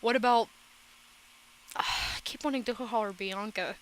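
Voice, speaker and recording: A woman's voice: medium pitch, fairly bright tone, a little hiss or hum, rough recording. A woman chatting casually in a rambling, profane reaction vlog. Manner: rambling, profane, quick asides. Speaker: reaction vlogger.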